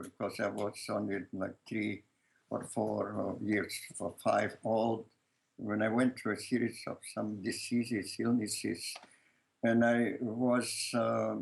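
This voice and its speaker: Slow, gravelly older Lithuanian man. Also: on the low side, low-quality recording. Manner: halting, searching for words, with frequent restarts and soft laughs. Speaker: interviewee, filmmaker. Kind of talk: casual conversation.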